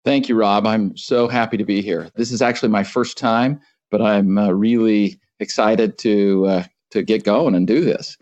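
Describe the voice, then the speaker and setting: Middle-aged doctor guy, lowish voice, gets animated, stumbles on words, muffled lo-fi sound. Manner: animated, halting with fillers and repeats. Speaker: family doctor, guest. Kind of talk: podcast interview.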